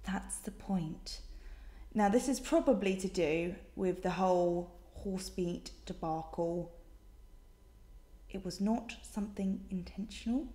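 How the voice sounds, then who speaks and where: A woman's voice: medium pitch, slow pace, mellow. Chatty British woman, echoey room. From Britain. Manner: chatty, exasperated and sarcastic. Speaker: vlogger. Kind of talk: casual vlog answering questions.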